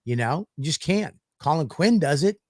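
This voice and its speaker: A man's voice: on the high side, lively intonation, normal speed, no echo, studio quality. A man, a comedian and podcast host, telling stories in a profane, ranting way in casual chat.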